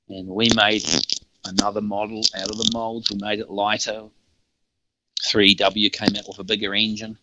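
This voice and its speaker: In a low-quality recording with a little hiss or hum, a middle-aged New Zealander with a lowish, sharp-toned voice and a New Zealand accent rambles through casual stories as a podcast guest. He laughs a lot and keeps restarting.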